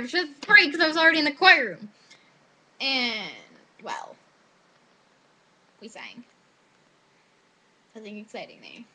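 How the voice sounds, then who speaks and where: A teenage girl chats straight into her webcam, recounting her day in a loose, rambling way packed with "like". Her voice is high and very bright, and she slips into little acted voices when quoting people. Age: teens. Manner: chatty, lots of "like", quoting others in animated voices. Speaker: high school student. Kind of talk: casual webcam vlog storytelling. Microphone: webcam microphone.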